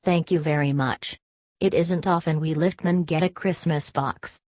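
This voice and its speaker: A woman's voice: sits low, fairly even intonation, unhurried, a little mellow, dry recording, studio quality. A woman voicing a cheerful male liftman in a department store, breezy in manner, in a storybook reading.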